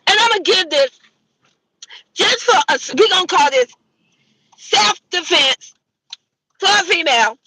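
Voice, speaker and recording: A woman's voice: sits high, pushed and bright, rough recording. A woman, delivering a heated, profane, trash-talking rant as a commentary vlogger. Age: 60s. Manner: brash, swearing, trash-talking.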